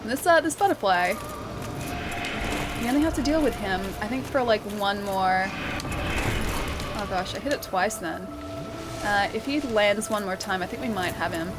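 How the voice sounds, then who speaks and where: A woman's voice: mid-range voice, animated, moderate pace, long pauses, very noisy. An Australian woman streaming a game and chatting casually with viewers, laughing often and using lots of fillers. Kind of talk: casual gameplay stream chat. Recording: game music behind the voice.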